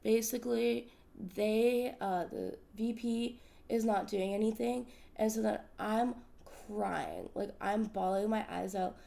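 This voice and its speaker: A woman's voice: mid-range voice, fairly even intonation, takes it slowly, creaky, dark tone. A woman from the States hosting a podcast, telling a personal story in a candid, emphatic way and swearing freely. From United States. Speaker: podcast host. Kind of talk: casual storytelling chat.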